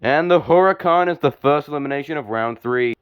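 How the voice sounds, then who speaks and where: A young man giving play-by-play commentary on a toy car joust, calm and measured with sudden excited spikes on big hits. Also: a little high, clean tone, dull audio.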